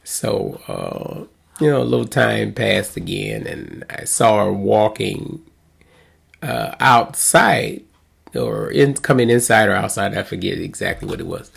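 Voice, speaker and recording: Gravelly middle-aged pastor guy, husky voice, chuckles while he rambles through a story. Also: lowish voice, measured pace, fairly bright tone. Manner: rambling, chuckling, many restarts. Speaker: pastor and host. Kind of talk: casual storytelling.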